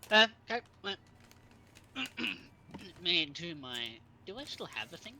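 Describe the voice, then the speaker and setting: Bright, lively game master. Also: male voice, high-pitched, measured pace, vocal fry, a little hiss or hum, poor audio. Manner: rambling, second-guesses himself aloud. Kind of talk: running a tabletop game over voice chat.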